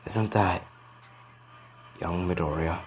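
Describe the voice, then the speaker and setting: A man playing a big, muscular hero with a hushed, low-key way of talking. The voice is deep and held back. He sounds like he is keeping something to himself. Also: steady tone, slow.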